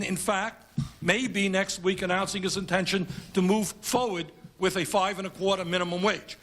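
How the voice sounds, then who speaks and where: A man's voice: sits high, fairly bright tone. A congressman giving an emphatic speech at a conference, building his points through repeated phrases.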